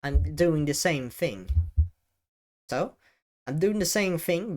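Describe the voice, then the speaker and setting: Deliberate, pausing male video creator. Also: on the high side, lively intonation. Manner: deliberate, pauses often and stresses key words, casual swearing. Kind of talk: talking-head advice video. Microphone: desk microphone, seated at camera.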